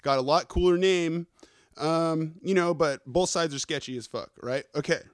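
A man hosting a podcast who rambles through a casual news rant, swearing constantly, talking fast and wired on coffee and checking in with his listeners. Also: a little high, dry recording, clean studio sound. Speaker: podcast host.

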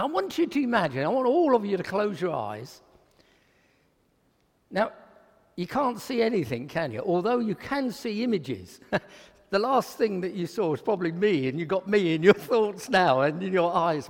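A man delivering a sermon in a high voice whose pitch leaps and swoops as he tells Bible stories. He slips into the voices of the people he quotes. The recording carries the long, lingering reverb of a church hall. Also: gravelly. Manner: animated storytelling, acts out quoted speech. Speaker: preacher.

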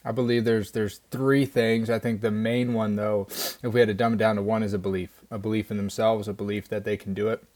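Earnest man with flat low voice. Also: brisk, few pauses. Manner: earnest, enthusiastic, speaks in steady flowing runs. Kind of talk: motivational podcast talk. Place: small studio.

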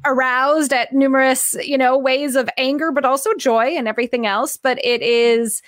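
A woman's voice: sits high, steady tone, moderate pace, fairly bright tone, no echo, clean studio sound. A middle-aged woman hosting an interview, talking enthusiastically and thinking aloud in long, winding questions. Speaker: podcast host. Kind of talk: conversational interview.

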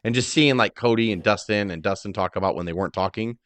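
Male co-host, rapid rambling chatter, dry close mic. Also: lowish voice, fairly bright tone, clear, resonant tone, no room sound. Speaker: podcast co-host. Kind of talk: casual chat.

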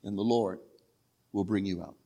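A male pastor preaching a sermon, repeating phrases insistently and building from quiet talk to crying out. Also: fairly even intonation, moderate pace, creaky. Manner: swings from low and quiet to shouting, crying out.

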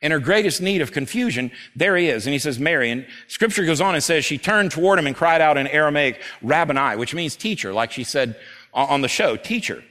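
Pastor guy preaching at church, kinda high voice, gets loud and urgent then goes slow and hushed for scripture. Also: animated. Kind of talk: sermon. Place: church service before a congregation.

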